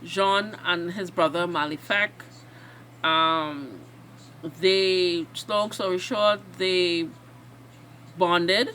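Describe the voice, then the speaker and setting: An excitable woman hosts a reaction video, recapping an episode in a slow, rambling way. Her voice is bright and forceful, with faint noise behind it. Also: lowish voice. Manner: excitable and emotional, rambling recap full of fillers.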